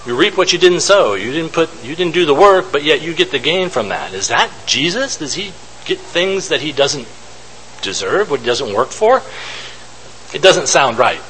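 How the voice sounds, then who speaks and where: A man's voice: fairly high pitch, sing-song, moderate pace, fairly bright tone, slight background noise, poor audio. A man giving an informal Bible teaching, thinking aloud and posing rhetorical questions to his listeners.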